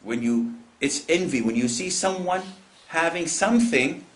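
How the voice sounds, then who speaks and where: A male Islamic preacher giving a lecture, telling stories with lively acted-out voices and frequent laughter. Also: on the high side, measured pace. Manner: animated storytelling, mimics callers in raised voices.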